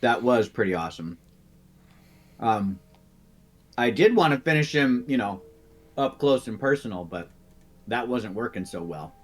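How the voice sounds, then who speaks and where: A man's voice: mid-range voice, animated, measured pace, long pauses. A man playing in an online tabletop game, chatting casually and thinking his moves through aloud with many ums.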